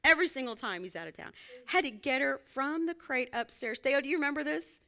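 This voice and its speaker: A woman's voice: sits high, animated, brisk, gravelly, background noise. A woman minister, giving a conversational, folksy sermon and laughing often as she speaks.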